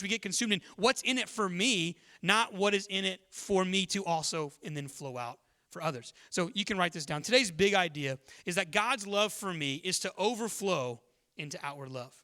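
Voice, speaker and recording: A man from Texas preaches in a high, bright and forceful voice. He tells stories to his church in a lively, conversational way. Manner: storytelling, conversational and energetic. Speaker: pastor. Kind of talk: sermon.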